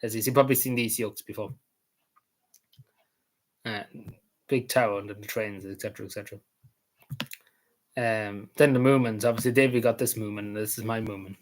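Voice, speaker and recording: A hoarse man with a Cavan Irish accent, rambling casually as he talks through his travel photos, repeating himself and swearing now and then. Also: on the low side, steady tone, a little fast, long pauses. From Ireland. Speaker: vlogger.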